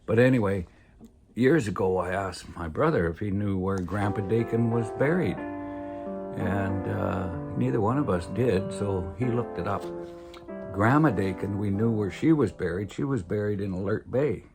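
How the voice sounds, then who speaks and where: Older man, folksy rambling storyteller, low register with a gravelly edge. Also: a little slow, music in the background. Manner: rambling and folksy, full of "uh" and "you know". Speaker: family storyteller. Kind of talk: casual personal storytelling.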